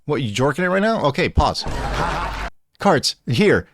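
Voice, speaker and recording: A man's voice: on the high side, big pitch swings, measured pace, over a noisy crowd, very noisy. A young man streaming live, rambling and joking in an irreverent, offhand way. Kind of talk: casual live-stream chat.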